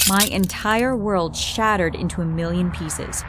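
A woman's voice: fairly low pitch, measured pace. Woman narrating a dramatic story. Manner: expressive, dramatic delivery.

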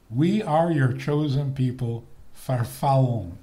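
A man's voice: mid-range voice, lively intonation, measured pace, hardly any pauses, dark tone. A man giving a humorous lecture on marriage, playful and chuckling at his own jokes.

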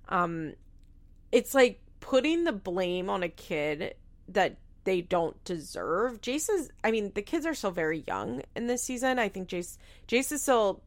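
A young woman hosting a reality TV recap gives frank, casual commentary on a show, swearing freely and saying "like" constantly. Her voice is medium in pitch and creaky.

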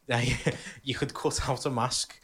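A man's voice: mid-range voice, flat delivery, measured pace, fairly bright tone, slightly rough. A man, a podcast co-host in casual, sweary banter among friends. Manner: laddish, sweary, laughing.

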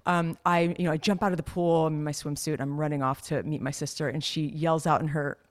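A chatty woman with a slightly low voice, co-hosting a casual podcast. She rambles through her stories, loaded with "like" and "you know." Her talk stays loose and unhurried. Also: fairly even intonation. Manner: chatty, rambling storyteller with many fillers. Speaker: podcast co-host. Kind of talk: casual chat.

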